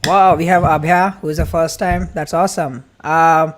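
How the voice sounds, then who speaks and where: A man hosting a live-streamed event welcome. He talks quickly and excitedly, greets viewers from the chat, and chats freely. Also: a little high, a little hiss or hum. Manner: excited, fast-talking, chatty. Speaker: livestream host.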